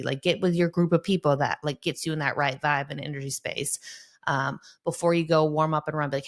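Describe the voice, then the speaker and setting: A woman in her thirties speaks as a guest in a conversational interview. Her voice sits low and she talks quickly. She is animated and acts out little exchanges with her kids. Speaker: sport psychologist guest.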